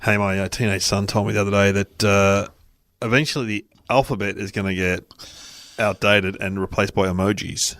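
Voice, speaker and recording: A man's voice: lowish voice, normal speed. A middle-aged man with an Australian accent, co-hosting a casual podcast chat and acting out voices in his stories. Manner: animated, acts out voices in anecdotes. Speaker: podcast co-host.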